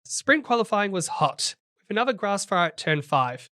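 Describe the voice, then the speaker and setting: Woman podcast co-host, playful and lively, dry close sound. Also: moderate pace, few pauses, no room sound. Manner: playful, lively pitch swings. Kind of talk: casual chat and read race summary.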